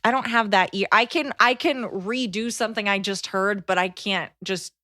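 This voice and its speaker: A woman's voice: mid-range voice, normal speed, bright, forceful tone, dry recording, clean studio sound. A woman from the United States co-hosting a podcast, agreeable and easygoing, laughing often as she chats and reads listener letters. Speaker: podcast co-host. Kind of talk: casual chat, reading listener letters.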